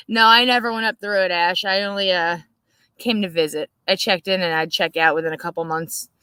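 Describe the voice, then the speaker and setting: A woman's voice: fairly low pitch, fairly even intonation, normal speed, bright, forceful tone, clear, resonant tone, no room sound. A brash woman chatting casually on a live stream, swearing freely and laughing often. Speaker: co-host.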